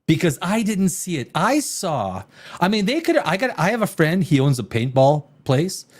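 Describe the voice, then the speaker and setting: A man's voice: fairly high pitch, big pitch swings, moderate pace, a little mellow, breathy edge. A man hosting a casual live-stream TV review, rambling and exasperated, with sarcastic asides. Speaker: TV show reviewer, host.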